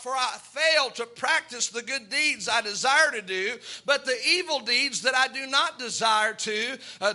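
Bright, high-voiced fervent male preacher. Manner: fervent, emphatic preaching with rising exclamations; folksy, self-deprecating storytelling. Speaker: pastor. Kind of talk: sermon.

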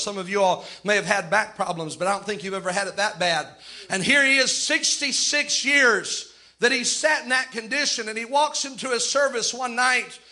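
Fervent male preacher, high and sharp-toned, acting out quotes mid-sermon. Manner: fervent, acts out quoted voices with dramatic pauses.

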